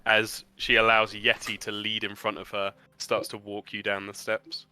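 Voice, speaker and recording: Guy game master, crisp bright voice, dry mic, faint music. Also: on the low side, normal speed, hardly any pauses, no room sound. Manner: lively narration, voicing several characters, laughs often. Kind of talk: narrating a tabletop game.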